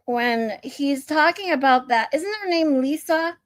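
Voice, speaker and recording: A woman's voice: high voice, animated, measured pace, no room sound. A woman hosting her channel, chatting casually and searching aloud in an amused tone. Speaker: channel host. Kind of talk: casual chat while playing a clip.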